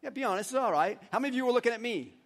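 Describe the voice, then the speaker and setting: A pastor with a high voice preaches a conversational sermon in a church. He talks easily with the congregation and coaches them as they recite together. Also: animated, rapid-fire, fairly bright tone. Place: church sanctuary.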